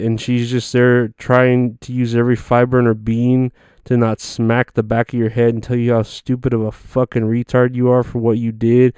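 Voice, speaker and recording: A man with a dark, mellow, smooth voice rants through a comedy monologue, sarcastic and foul-mouthed. He rambles and circles back with filler words. The sound is dry and close. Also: medium pitch, no room sound. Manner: crude, sarcastic and profane. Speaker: podcast host.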